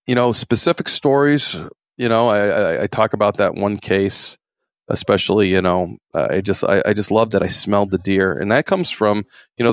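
A man's voice: low-pitched, dry recording, clean studio sound. A man, a former game warden, telling stories in a rambling, folksy way with many fillers. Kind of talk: casual storytelling interview.

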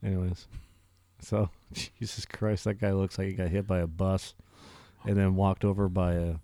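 A man co-hosting a movie podcast, rambling casually, laughing and swearing, often trailing off quietly. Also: low voice, level tone, normal speed, no echo. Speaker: podcast co-host. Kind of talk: casual chat.

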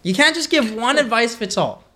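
A man's voice: very high voice, animated, moderate pace, pushed and bright. A man co-hosting a podcast in casual chat, handing out advice in an earnest, laid-back way. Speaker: podcast co-host.

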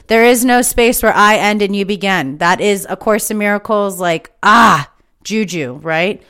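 A woman's voice: medium pitch, unhurried, fairly bright tone, clear, resonant tone. A woman hosting her own podcast, giving an impassioned, emphatic spiritual monologue that is full of swearing. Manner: fired-up, emphatic, swears freely. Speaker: podcast host.

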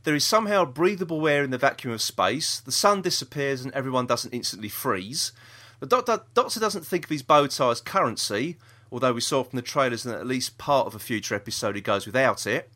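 A man's voice: mid-range voice, expressive, fairly quick, sharp tone. A man with a South East London accent co-hosting a podcast, chatting and reading out a listener's email with lots of ums. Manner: chatty, reads aloud with many ums and restarts. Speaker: podcast co-host.

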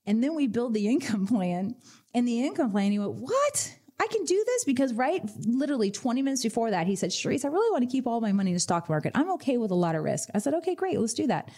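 A woman financial advisor hosting a radio finance show, telling lively client stories and acting out their reactions. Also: a little high, fast talker. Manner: energetic storyteller, acts out client voices.

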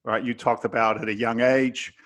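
A man's voice: mid-range voice, level tone, normal speed, a bit bright. A man from England, a guest entrepreneur on an interview podcast, giving emphatic, preachy motivational advice with blunt wording and a bit of swearing.

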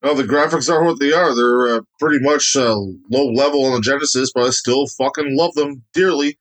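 A man's voice: medium pitch, fairly quick, rough recording. A man from Canada co-hosting a casual game review podcast, blunt and swearing freely. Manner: profane, joking, blunt. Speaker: podcast co-host.

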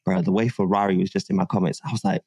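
A man chatting casually on a podcast, animated and given to loud bursts of laughter. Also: low voice, fast, gravelly, slightly rough, no room sound. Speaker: podcast guest. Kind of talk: casual chat.

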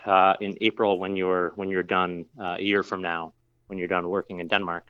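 A man's voice: sits low, flat delivery, fairly quick, fairly bright tone, clean tone, dull audio. A man who works as a brewer, telling a long story in a casual interview, rambling with lots of fillers and restarts.

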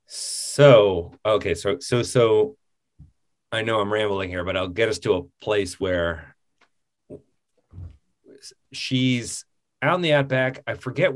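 Rambling, animated man talking movies. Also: lowish voice, slow, long pauses. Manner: rambling, animated, laughs often. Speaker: podcast co-host. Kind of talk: casual film discussion.

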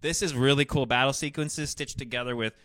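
Man, quick talker, bright tense voice, animated movie review chat, dry close sound. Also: no echo. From United States. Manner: animated, jumps in pitch when making a point. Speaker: co-host of a movie review show.

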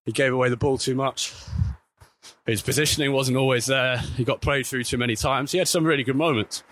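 A man reporting on football while walking outdoors, chatting casually and correcting himself as he goes. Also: a little fast. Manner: chatty, self-correcting, lively pitch swings. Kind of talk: walking vlog commentary. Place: outdoors by a street.

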